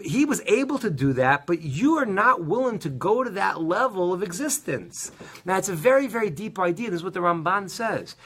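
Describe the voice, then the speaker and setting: A middle-aged man teaching a casual Torah class, telling stories with many restarts and animated asides. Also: sits high, slightly rough.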